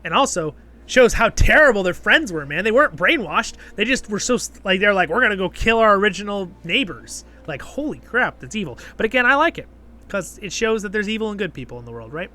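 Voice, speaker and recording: A man talks through a review in a loose, rambling way, tossing in fillers and asking "right?" as he goes. His voice sits high and sounds bright and forceful. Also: big pitch swings, fairly quick. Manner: chatty, rambling, filler-heavy with frequent "right?" checks. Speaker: host and show reviewer. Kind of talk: casual spoken review.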